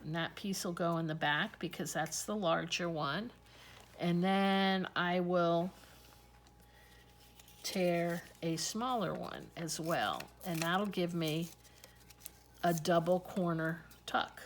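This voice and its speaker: A woman's voice: lowish voice, steady tone, slow, slight background noise. A woman hosting a casual crafting tutorial, chatting and thinking aloud as she talks through each step.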